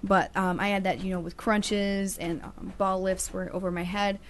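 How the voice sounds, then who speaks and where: A woman's voice: medium pitch, level tone, moderate pace, a little hiss or hum. A woman co-hosting a casual web talk show, chatty and encouraging, with playful teasing. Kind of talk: casual chat.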